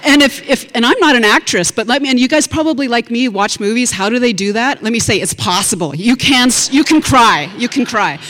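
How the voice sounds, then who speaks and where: Animated woman telling a story onstage. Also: fairly high pitch, a little fast, few pauses. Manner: animated, chatty, with restarts and asides to the audience. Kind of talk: live personal storytelling to an audience. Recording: long hall reverb.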